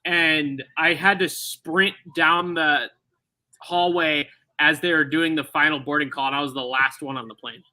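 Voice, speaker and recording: A man with a high, very bright voice, telling stories in loose podcast chat. He talks in a rambling, profane way, full of asides. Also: fairly even intonation, unhurried. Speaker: podcast co-host. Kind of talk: casual chat.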